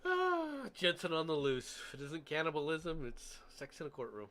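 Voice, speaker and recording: A man's voice: fairly high pitch, normal speed, slight background noise. A man hosting a casual stream who laughs often and jokes with his co-host. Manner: laughs often, animated and joking.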